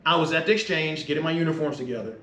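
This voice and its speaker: A man's voice: on the high side, very fast, a bit bright, a little hiss or hum. A middle-aged man, a retired Navy master chief, telling a story as a podcast guest. He talks casually, laughs often and swears freely. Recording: echoey room.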